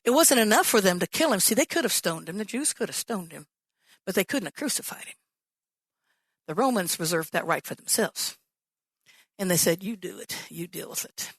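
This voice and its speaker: A woman pastor delivers a sermon in a mid-pitched voice, swinging between loud, bright acted-out lines and hushed, low emphasis. The sound is dry and close, with no room echo. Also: moderate pace, breathy edge. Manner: animated storytelling, acts out quoted voices.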